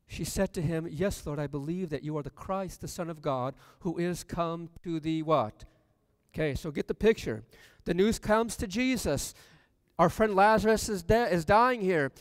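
A man's voice: high-pitched, smooth, no echo, long reverb tail. A man preaching a sermon in a church, reading scripture aloud and asking the congregation questions. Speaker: pastor. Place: church sanctuary.

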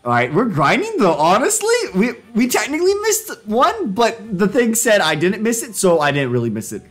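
Animated young man streaming with jokey banter. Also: normal speed, breathy edge, faint music behind. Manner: jokey, excitable, laughing self-commentary with sudden pitch jumps. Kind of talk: casual live-stream chat while doing language drills.

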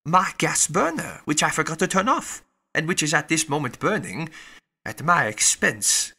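A man doing a fussy, talkative French valet who chatters on about his troubles. The voice is bright and lively, with a slightly high pitch. It is audiobook character reading. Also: moderate pace, vocal fry, slightly rough, full character voice. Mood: worried.

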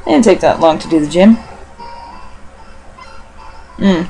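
A woman's voice: fairly low pitch, takes it slowly, pauses often, warm tone, faint music behind, poor audio. A woman giving casual commentary as she plays a video game, rambling and swearing, talking to herself and the game characters with self-mocking asides. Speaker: let's play gamer.

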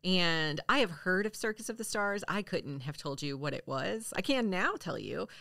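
A woman's voice: fairly low pitch, lively intonation, normal speed, creaky, sharp tone, no echo. A woman co-hosting a podcast in casual chat, thoughtful, reading out facts and laughing easily. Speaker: podcast co-host.

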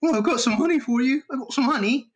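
A man's voice: very high-pitched, fast talker, slight background noise, pitched above the performer's own voice. A man putting on a sweet British cartoon bear. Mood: sweet offering. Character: male cartoon bear offering honey, British.

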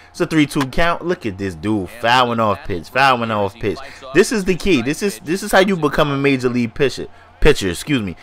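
A man's voice: mid-range voice, animated, moderate pace, fairly bright tone. A man with a stuffy nose giving casual, hyped gameplay commentary, slangy and talking straight to his viewers. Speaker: gaming YouTuber.

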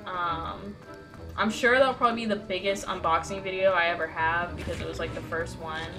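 A woman's voice: fairly low pitch, steady tone, brisk, low-quality recording. A young woman casually chatting and swearing while streaming a video game, reading lines aloud. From United States. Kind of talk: casual gameplay commentary. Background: game music.

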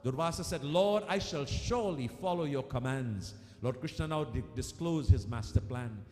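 A man's voice: medium pitch, normal speed, darkish tone. A man giving a devotional discourse, telling a scripture story to his devotees and repeating key lines for emphasis. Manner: addresses listeners as devotees. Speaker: spiritual speaker. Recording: echoey room with long reverb.

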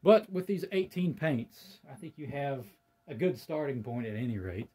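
A man's voice: mid-range voice, lively intonation, moderate pace, mellow, breathy edge. A man hosting his own hobby channel, talking casually and ramblingly with lots of fillers, in a folksy, self-deprecating way. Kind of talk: casual talk to camera.

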